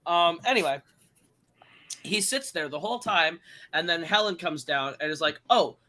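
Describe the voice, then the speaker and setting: A man's voice: a little high, animated, moderate pace, sharp tone. A man hosting a podcast, recapping a film in a casual, rambling and profane way, with lots of ums and uhs. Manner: rambling and profane, heavy fillers. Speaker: podcast host.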